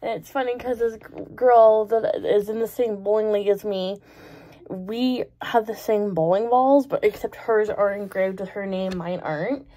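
A woman's voice: medium pitch, normal speed, warm tone. A woman in her twenties vlogging in a casual, rambling way, giggling and exclaiming often. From Canada. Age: 20s. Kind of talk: casual chatty vlog.

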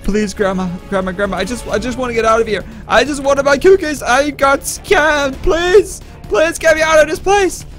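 Very high-voiced panicky gamer man. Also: normal speed, hardly any pauses, fairly bright tone, soft background music. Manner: panicky and stammering. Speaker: gaming YouTuber. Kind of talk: gameplay commentary.

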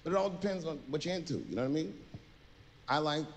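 A man performs a stand-up set on a theater stage, spinning a profane story and slipping into other people's voices. His voice sits a little high and swings widely. A long reverb trails behind him, with faint noise underneath. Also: animated, fast talker. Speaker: stand-up comedian.

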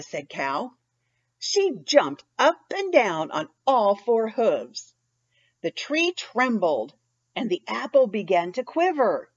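A woman reading a children's picture book aloud, expressive and pausing to ask young listeners questions. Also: on the high side, breathy edge, lo-fi sound. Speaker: children's story reader. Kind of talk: storytime read-aloud.

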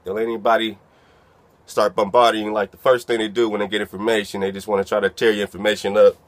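A man's voice: fairly low pitch, level tone, fast, dry recording. A man doing a loose, profane freestyle rap and dropping "man" into nearly every line. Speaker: freestyle rapper. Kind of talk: freestyle rap over a beat. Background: instrumental beat.

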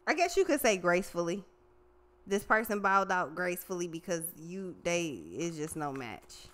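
A woman's voice: on the low side, animated, normal speed, a bit bright. A woman doing a casual tarot reading, profane and slangy, talking animatedly straight to the viewer. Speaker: tarot reader.

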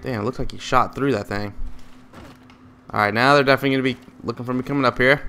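A man giving loose, rambling live commentary over his own multiplayer match, excitable and full of profane, jokey trash talk. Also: mid-range voice, quick pace, smooth. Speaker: gaming commentator.

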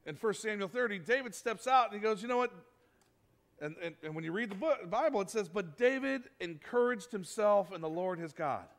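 Guy pastor preaching in church, pretty high voice, chatty and lively, acts out little quotes. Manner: conversational, animated preaching with acted-out quotes. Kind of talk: sermon.

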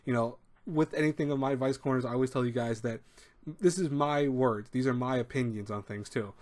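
Man, casual advice host, rambling, mid-pitched voice, acts out quotes. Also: brisk, darkish tone. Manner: rambling, repeats words, acts out quoted speech. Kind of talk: casual advice talk to camera.

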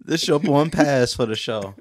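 A man's voice: medium pitch, expressive, normal speed, no room sound, studio quality. A young man co-hosting a podcast, teasing his co-host in slangy, joking casual banter. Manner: teasing, slangy, interrupts with jokes.

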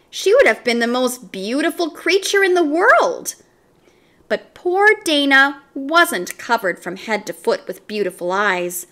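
A woman reading a children's chapter book aloud, narrating in an expressive, animated storybook style. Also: high-pitched.

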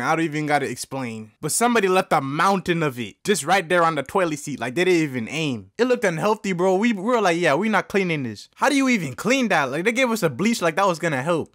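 A young man from the United States telling comedic storytime anecdotes in a deadpan, slangy way. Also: a little high, no room sound, clean studio sound. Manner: deadpan, slangy, quick asides. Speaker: storytelling animator.

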